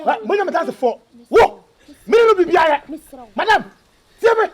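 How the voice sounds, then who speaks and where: An actor playing a shrill, excitable comic character who chants the same words over and over. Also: a little fast. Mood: excited. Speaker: film character.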